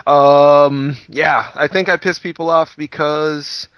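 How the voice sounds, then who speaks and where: A man's voice: on the high side, steady tone, takes it slowly, clean tone, no room sound, muffled recording. A man co-hosting a podcast in casual chat, easygoing, thoughtful and self-deprecating. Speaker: podcast co-host.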